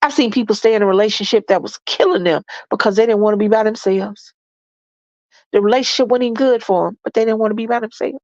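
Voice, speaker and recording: A woman's voice: mid-range voice, quick pace, darkish tone, no echo, dull audio. A congested woman giving relationship advice in a folksy, preachy monologue, calling her listeners y'all and baby.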